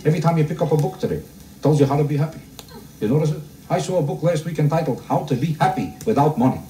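A male stand-up comedian working a live crowd in a roomy club, heard a little off the mic. His pitch swings a lot as he kvetches in deadpan style and fires rhetorical questions at the audience. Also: fast, distant mic, a little hiss or hum. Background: audience laughter.

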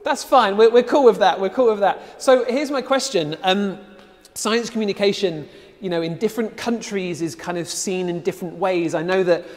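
A man's voice: sits high, moderate pace, big-room sound. A man hosting a live-streamed competition final, chatting casually with many ums. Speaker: host.

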